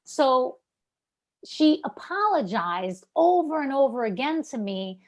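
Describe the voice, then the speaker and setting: A woman with a Brooklyn accent giving an actor animated, chatty coaching feedback over a video call, full of fillers. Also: fairly high pitch, unhurried. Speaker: acting coach.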